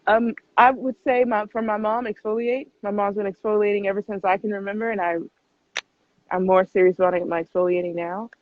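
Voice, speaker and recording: A young adult woman hosting a casual live Q&A, chatting quickly and laughing often as she answers viewer questions. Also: mid-range voice, steady tone, a little hiss or hum. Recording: tinny phone-like live stream, dry.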